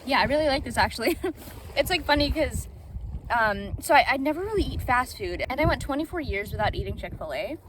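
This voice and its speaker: Young woman, chatty phone vlogger, a bit high, noisy outdoor ambience. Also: fairly quick. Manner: bubbly, giggly, chatty. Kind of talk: casual vlog chat. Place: in a car, then outdoors by the ocean. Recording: outdoor ambience with steady background noise.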